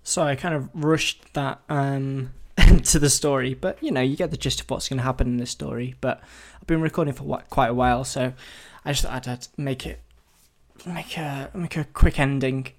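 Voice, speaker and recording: A man's voice: mid-range voice, steady tone, normal speed. Rambling man thinking aloud. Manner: rambling, self-deprecating, thinks aloud with many restarts. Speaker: podcast host. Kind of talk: solo casual podcast brainstorming.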